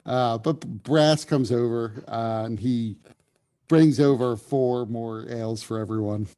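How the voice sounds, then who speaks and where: A man's voice: mid-range voice, a little slow, dark tone, smooth. A man narrating as game master in a casual, descriptive way, with frequent fillers.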